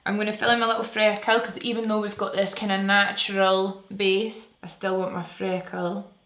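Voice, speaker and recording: A woman's voice: medium pitch, little pitch movement, moderate pace, fairly bright tone. Chatty Scottish woman in a roomy room. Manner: gushing, casual, talks while applying makeup. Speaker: beauty vlogger. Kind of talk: chatty makeup tutorial. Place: at home. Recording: roomy sound with faint music.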